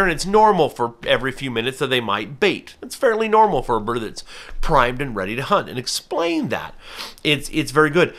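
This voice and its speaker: With a lively, fairly bright mid-range voice that runs a little fast, a falconer talks to camera on his own channel. He gives a casual, earnest, and careful explanation of his hobby, drawing on everyday examples.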